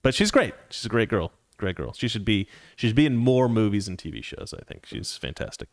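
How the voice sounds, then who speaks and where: A man hosting a talk show, telling an anecdote in a casual, animated way and reading viewer comments, laughing often. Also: on the low side, fairly quick, no room sound, studio quality. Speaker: podcast host.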